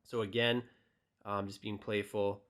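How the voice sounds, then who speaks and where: Low-voiced casual male dating coach. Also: measured pace. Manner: relaxed, direct, many fillers. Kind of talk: casual tutorial talk, reading texts aloud.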